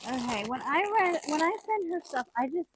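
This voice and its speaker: Woman vlog host, higher register, chatty, easily excited, quick to laugh. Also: noisy background. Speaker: channel host. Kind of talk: casual unboxing vlog.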